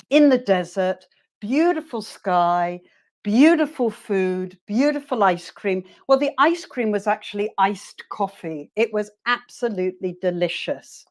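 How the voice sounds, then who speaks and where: A woman teacher trainer leading a webinar, encouraging her listeners and modelling phrases slowly for them to repeat. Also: medium pitch.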